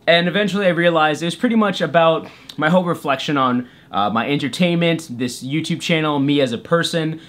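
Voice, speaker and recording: A young man with a somewhat high voice tells a comedic story to camera. He is goofy and self-deprecating. He slips into playful voices for the people in the tale. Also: animated, quick pace, a bit bright. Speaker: YouTuber storyteller. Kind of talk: comedic story time vlog.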